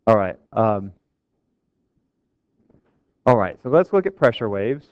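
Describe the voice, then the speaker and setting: A man's voice: fairly low pitch, very animated, slow, clear, resonant tone, no echo. A man giving a physics lecture to a class, casual and joking with his students. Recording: dull, dry lecture recording.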